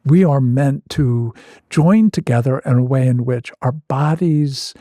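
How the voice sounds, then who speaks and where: A man, a therapist appearing as a guest, telling a personal story in a vivid, animated and self-mocking way. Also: medium pitch, measured pace, dry recording.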